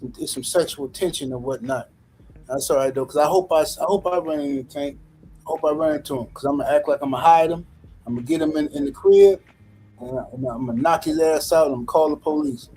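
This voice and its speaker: A man's voice: on the high side, fairly quick, dark tone, slight background noise, rough recording. Man rambling in profane podcast banter. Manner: loose, filler-heavy, profane. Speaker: podcast co-host.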